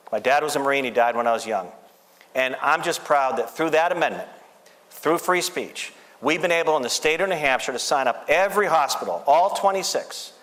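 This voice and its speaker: A man's voice: fairly high pitch, a bit bright, in a large hall. A man in his fifties, a radio host, giving an earnest, emphatic speech with repeated phrases. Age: 50s. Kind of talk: speech at an event.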